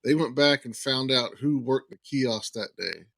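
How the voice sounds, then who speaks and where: An unhurried, gravelly mid-range voice with no echo belongs to a podcast guest. He tells a long personal anecdote in casual conversation, animatedly playing out the dialogue of people in the story.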